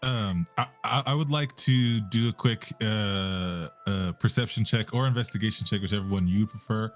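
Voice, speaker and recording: A man's voice: lowish voice, moderate pace, faint music behind. Casual, stammering male player. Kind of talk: casual tabletop play.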